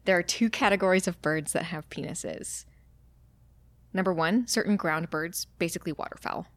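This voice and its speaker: A young adult woman co-hosting a casual podcast chat, explaining animal facts excitably with frequent laughs. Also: on the low side, moderate pace. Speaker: podcast co-host.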